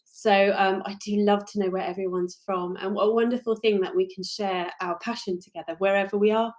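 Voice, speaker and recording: A woman's voice: mid-range voice, fairly even intonation, a little fast. A woman with a British accent, a crochet designer hosting a casual live stream, talking in a rambling, chatty and apologetic way.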